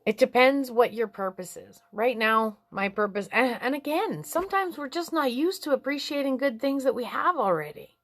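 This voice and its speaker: A woman talking in a frank, rambling way about life and relationships, swearing freely and climbing high in pitch when she gets animated. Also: normal speed, no echo. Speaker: vlogger giving life advice. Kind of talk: casual spiritual chat.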